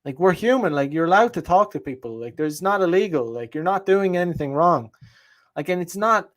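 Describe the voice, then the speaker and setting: A man's voice: high-pitched, lively intonation, fairly quick, fairly bright tone. A podcast host, a man, talking in a heated, profane casual monologue with lots of emphasis.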